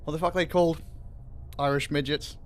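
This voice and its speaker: A man's voice: a little high, fairly even intonation, fairly quick. A man hosting a livestream in casual, rambling chat, swearing freely and laughing often. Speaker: livestream host.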